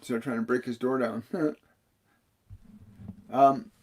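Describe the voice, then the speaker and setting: A man of middling pitch hosts a live channeling session. He speaks earnestly and warmly to his viewers, repeating key phrases for emphasis and laughing softly between answers. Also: fairly even intonation, takes it slowly, breathy edge. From Canada. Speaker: spiritual medium.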